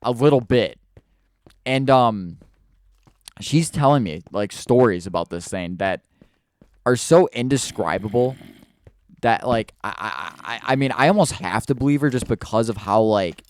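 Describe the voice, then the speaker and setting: A man's voice: mid-range voice, animated, a little slow, darkish tone, no echo. A man telling a spooky personal story in a casual, rambling way while he plays a video game, stumbling over restarts and fillers.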